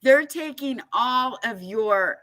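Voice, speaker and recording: A woman explains at an unhurried pace, leaning hard on her points. Her voice is bright and forward. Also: on the high side, lively intonation. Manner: emphatic storyteller, laughs often. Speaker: guest speaker on foreclosure fraud. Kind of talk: casual explanatory talk.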